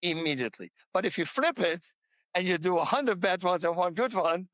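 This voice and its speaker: A man's voice: sits high, animated, brisk, fairly bright tone, dry recording. A man talking as a podcast guest in a casual interview about faith, pressing his points home with repetition. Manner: emphatic, repeats points to hammer them home.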